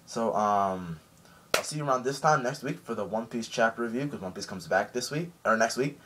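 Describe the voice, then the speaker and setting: A man reviewing an anime episode in a casual recap, animated and rambling with many fillers. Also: medium pitch, fairly quick, background noise.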